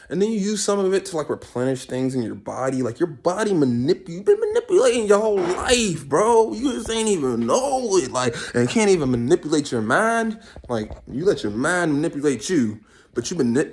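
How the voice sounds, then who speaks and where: A man rambling in a casual comic monologue, swearing and arguing with himself in quick back-and-forth. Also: on the high side, sing-song. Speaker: vlogger.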